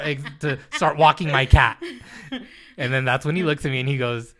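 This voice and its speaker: A man's voice: medium pitch, normal speed, pushed and bright. A young man co-hosting a podcast, telling stories in casual chat, laughing often and acting out what people said. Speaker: podcast co-host.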